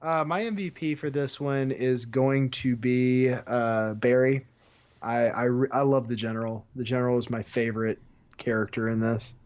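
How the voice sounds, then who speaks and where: A man co-hosting a movie podcast, trading enthusiastic picks and quick wisecracks at a middling pitch. His voice comes through a slightly dull, lo-fi mic. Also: steady tone, a little mellow, smooth. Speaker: podcast co-host. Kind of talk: casual movie-podcast chat.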